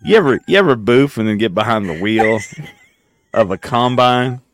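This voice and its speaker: A man's voice: mid-range voice, expressive, moderate pace, slight background noise, natural voice. A man voicing a goofy southern hillbilly drinker with an exaggerated drawl.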